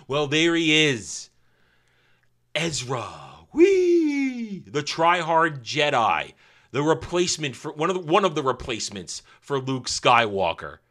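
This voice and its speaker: A man's voice: fairly high pitch, very animated, a little slow, sharp tone. A man giving a casual, opinionated show review in a sarcastic, scornful way, with mocking asides.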